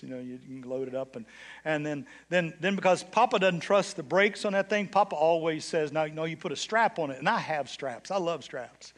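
An older man preaching as a bishop in a church tells a story, swinging between hushed, low passages and loud, excited ones.

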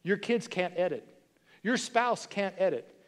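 A man's voice: high voice, animated, a little slow, big-room sound. A man in his sixties preaching a sermon as pastor, emphatic, with repeated phrases and rhetorical questions to the congregation. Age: 60s. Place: church sanctuary.

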